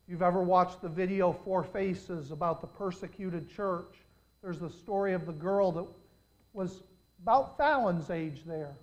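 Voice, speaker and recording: A man's voice: high-pitched, measured pace, dull audio. An older man preaching a sermon, telling dramatic stories and putting questions straight to his congregation.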